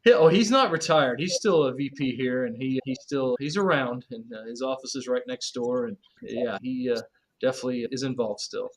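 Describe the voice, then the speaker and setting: A man's voice: medium pitch, a little fast, rough recording. A man with a Kentucky accent, a car dealership manager talking casually as an interview guest.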